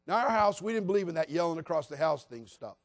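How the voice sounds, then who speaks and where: A man preaching a sermon as pastor, passionate, moving between loud appeals and hushed, quiet passages. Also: on the high side, expressive, fast talker, vocal fry, no echo, clean studio sound.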